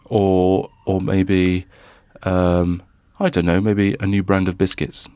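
A man's voice: low-pitched, level tone, slow pace, warm tone, clear, resonant tone, no room sound. A man co-hosting a podcast, chatting casually and hesitantly, full of restarts. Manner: hesitant, many fillers and restarts. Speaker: podcast co-host. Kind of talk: casual chat.

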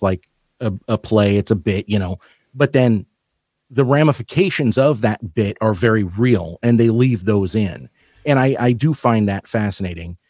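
A man chatting on a podcast, telling wry stories in an easy, relaxed way. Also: on the low side, no room sound, studio quality. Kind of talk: casual chat.

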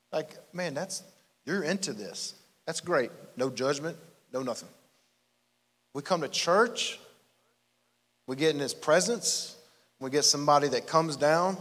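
A man preaching a sermon to a church congregation in a folksy, animated way with chatty asides. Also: fairly high pitch. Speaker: pastor. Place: church sanctuary. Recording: long church hall reverb.

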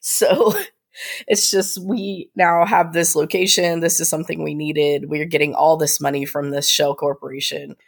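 A woman's voice: sits low, level tone, moderate pace, gravelly. A woman co-hosting a casual TV recap podcast, laughing often and adding thoughtful asides. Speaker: co-host.

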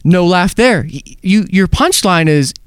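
A man with a slightly high, lively voice roasting things in a crude, sardonic way. The sound is dry and close. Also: measured pace, smooth, no echo. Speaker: podcast co-host. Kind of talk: casual comedy podcast banter.

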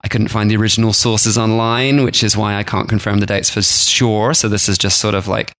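A man's voice: fairly low pitch, little pitch movement, brisk, a bit bright, no echo. A man co-hosting a food podcast, chatting casually and jokily, often slipping into silly voices for imagined people. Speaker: podcast co-host.

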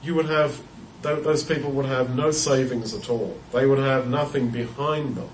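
A man's voice: mid-range voice, fairly even intonation, normal speed, a little hiss or hum. Man teaching Bible study, roomy and distant. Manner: thoughtful, explanatory, with frequent restarts and repeated words. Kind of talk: unscripted Bible study talk. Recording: roomy echo, heard from a distance.

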